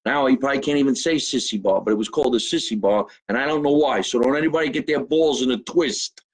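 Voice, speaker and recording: A middle-aged man with a New Jersey accent talks casually and profanely from his basement. He rambles and jokes straight to his viewers in an easy, mid-pitched voice. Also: fast talker, breathy edge, poor audio. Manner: loose, profane, joking to viewers. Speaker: comedian host. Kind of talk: casual live-stream chat. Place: home basement.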